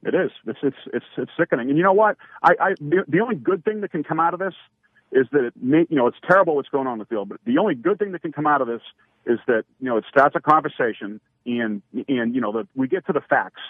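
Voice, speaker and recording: A man's voice: a little high, expressive, quick pace, no echo. A man calling in to a radio talk show, talking heatedly and stumbling over his words with many restarts. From Massachusetts. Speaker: caller. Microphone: phone. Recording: tinny phone line, dry.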